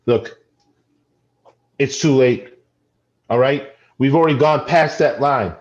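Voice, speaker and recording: An improv actor playing a sentimental aging orchard owner who stammers and trails off. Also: male voice, mid-range voice, slow pace, muffled recording, lightly acted. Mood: firm. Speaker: improv performer. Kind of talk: improv comedy scene.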